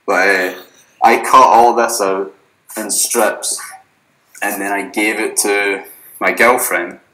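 A man's voice: on the low side, fairly even intonation, takes it slowly, fairly bright tone. A young man, chatting casually as a podcast guest in a rambling, laid-back way that is full of swearing. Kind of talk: casual chat. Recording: echoey room.

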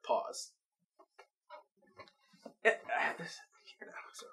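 Lively, bright-voiced episode recap. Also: medium pitch, slow, long pauses. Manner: animated storytelling, laughs often. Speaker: vlog host.

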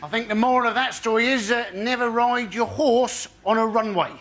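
A man with a very high voice delivers observational stand-up in a dry, deadpan way. The recording is noisy, with a studio around him. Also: moderate pace. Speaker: stand-up comedian. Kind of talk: stand-up routine.

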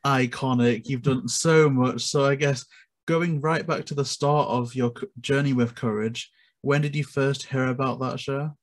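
A man's voice: mid-range voice, steady tone, a little slow. Polite male interviewer. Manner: polite, enthusiastic questioning. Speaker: interviewer, host. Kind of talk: friendly interview questions.

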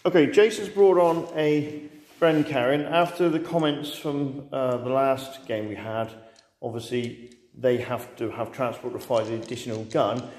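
A man's voice: medium pitch, darkish tone. A man, casually commentating a tabletop wargame he is playing, chatty and joking. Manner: chatty, joking, quick asides. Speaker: host and wargame player. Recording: roomy hall with long reverb.

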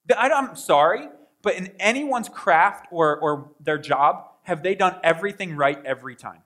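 This male pastor preaches conversationally in a high, animated voice at a moderate pace with few pauses. He asks the congregation questions and acts out prayers, swinging between quiet asides and loud bursts.

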